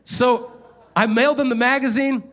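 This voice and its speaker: Animated high-voiced man preaching. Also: normal speed. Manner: storytelling, animated, rising in pitch when telling of frustration. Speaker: pastor. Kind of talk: sermon.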